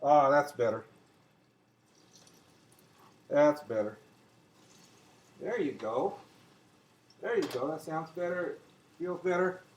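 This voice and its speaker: A man's voice: on the high side, slow, pauses often, noisy background. A chatty older man hosting a casual home cooking demonstration in his kitchen, talking viewers through each step as he works. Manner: chatty, talks to viewers as he cooks. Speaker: home cooking show host.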